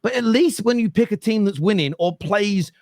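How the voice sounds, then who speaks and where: Animated football podcast host. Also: male voice, sits high, normal speed, gravelly, dry recording, studio quality. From England. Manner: animated, emphatic, repeats words. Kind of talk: casual football podcast chat.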